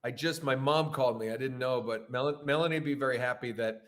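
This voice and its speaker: Man, medium pitch, guest trading stories on a live stream. Lively, chatty, drops into quoted voices. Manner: animated storyteller, quick asides and quoted voices. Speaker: guest voice actor. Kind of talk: casual podcast chat.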